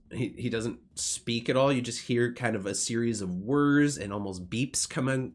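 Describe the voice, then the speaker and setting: A man narrating a streamed tabletop game as game master, relaxed and full of "uh", joking with his players. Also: lowish voice. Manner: relaxed, filler-heavy, jokey with players.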